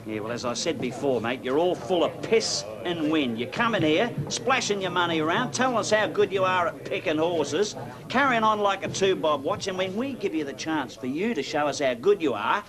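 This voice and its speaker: A man's voice: a little high, animated, normal speed, close to an everyday voice. An actor playing a blunt, goading male pub local in the country, with an Australian accent. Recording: pub crowd chatter behind. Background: bar crowd murmur.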